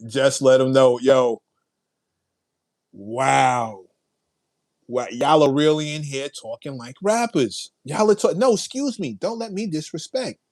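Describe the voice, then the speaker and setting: Reacting to comments on his casual livestream, a medium-pitched man brings hyped energy, laughing, throwing out playful slang and repeating phrases a lot. The audio has no echo.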